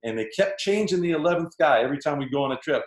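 A man's voice: on the high side, fast. Man, from Canada, interview guest, storytelling, acts out quotes, echoey room. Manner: animated, acts out coaches' lines while telling stories. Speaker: guest, former basketball player. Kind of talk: casual storytelling. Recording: roomy echo.

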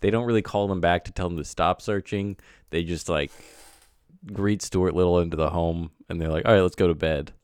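Podcast co-host, man, very low voice, close dry sound, loose and profane. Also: steady tone, normal speed, darkish tone, clear, resonant tone, dry recording. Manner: laid-back, swears casually, trails off. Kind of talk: casual comedic podcast chat.

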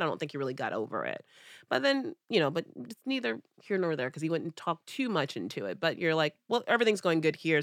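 A woman co-hosting a podcast tells a dating story in a loose, casual way, acting out the quotes with big swings in her voice. Her voice sits a little low. The recording is dry and close. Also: no echo. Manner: animated, acts out quotes with big pitch jumps. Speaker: podcast co-host.

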